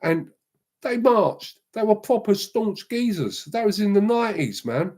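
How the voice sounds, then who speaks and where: Slangy middle-aged bloke telling stories. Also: male voice, high-pitched, measured pace. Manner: rambling, slangy, lively anecdotes. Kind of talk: casual storytelling chat.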